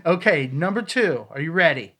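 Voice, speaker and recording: A man co-hosting a casual podcast, reviewing ghost-hunt recordings in a rambling way with excitable bursts. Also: a little high, moderate pace. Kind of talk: casual chat.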